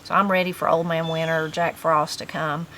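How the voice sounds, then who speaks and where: Woman, Appalachian accent, somewhat low voice, rambling, folksy, casual chat. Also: flat delivery, fairly quick, sharp tone, a little hiss or hum, poor audio. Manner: rambling, folksy storytelling with fillers. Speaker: host.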